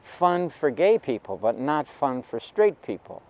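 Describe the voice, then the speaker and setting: A man's voice: medium pitch, very animated, unhurried, a little mellow, low-quality recording. An older man voicing his stern middle-aged doctor father, who scolds with incredulous questions. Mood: scolding.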